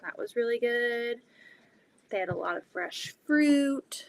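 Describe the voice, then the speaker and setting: A woman's voice: fairly high pitch, animated, slow pace, rough recording. A young woman, hosting a live quilting stream from her basement sewing room, chatting casually with lots of fillers and giggles. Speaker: quilting livestream host.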